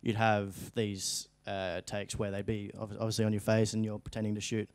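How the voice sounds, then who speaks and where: Young aussie actor guy, lowish smooth voice, rambly stories, dry studio sound. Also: completely flat delivery, moderate pace, a little mellow, dry recording. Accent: Australian. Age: young adult. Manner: rambling storytelling, frequent fillers. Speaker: actor guest. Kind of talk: casual interview chat. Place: interview studio.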